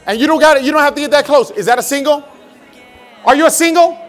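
A man leading a live motivational seminar at a sales convention, energetically shouting directions to the crowd. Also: very high voice. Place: large convention hall with a crowd. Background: crowd of hundreds.

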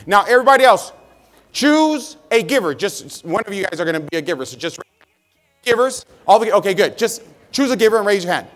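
A man leading a live motivational seminar at a sales convention, energetically shouting directions to the crowd. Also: high voice, lively intonation, brisk. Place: large convention hall with a crowd. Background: crowd of hundreds.

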